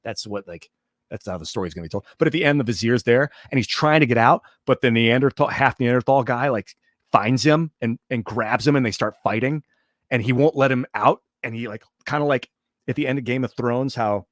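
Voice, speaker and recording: A man's voice: mid-range voice, fairly quick, no echo, studio quality. A man hosting a livestream, telling a long story in a loose, profane, rambling way with many restarts. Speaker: livestream host.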